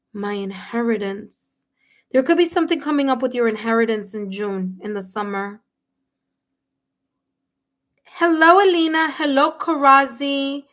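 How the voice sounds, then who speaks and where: A woman reading tarot live for her viewers, talking warmly and emotionally, with many fillers and restarts. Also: a little high, animated, moderate pace. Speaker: tarot reader and medium. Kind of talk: live-stream reading, casual chat with viewers.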